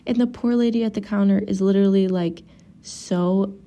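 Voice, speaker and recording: A woman's voice: mid-range voice, steady tone, normal speed, warm tone. A young woman and mother telling a travel story to her viewers in a casual, chatty way, with lots of "like" and acted-out quotes.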